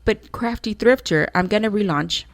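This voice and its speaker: A woman's voice: medium pitch, moderate pace. Chatty woman in her thirties. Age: 30s. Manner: chatty, rambling with many fillers and restarts. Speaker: podcast co-host. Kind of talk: casual chat.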